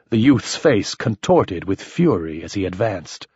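Man, first-person story narration, low husky voice, animated delivery, dry lo-fi sound. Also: unhurried, no room sound. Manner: expressive, shifting voices for characters. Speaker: audiobook narrator.

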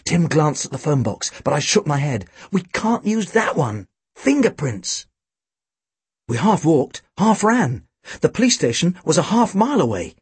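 A man narrating a storybook with a dry, wry, expressive delivery. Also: a little high, normal speed, breathy edge, no echo. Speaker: audiobook reader.

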